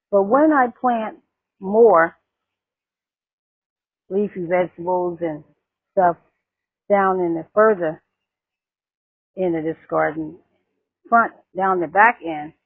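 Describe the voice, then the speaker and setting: A woman chats on camera out in her garden, rambling and restarting her sentences as she works. She talks slowly in a husky voice. The sound is thin and phone-like, with no room echo. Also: on the low side. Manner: chatty, rambling, with many restarts. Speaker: gardening vlogger. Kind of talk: casual gardening vlog. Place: outdoors in a garden. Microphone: camera microphone.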